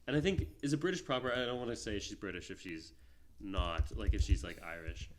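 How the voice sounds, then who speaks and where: A man's voice: lowish voice, fairly quick. A man co-hosting a film podcast in casual chat, rambling with lots of fillers and restarts. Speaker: podcast co-host.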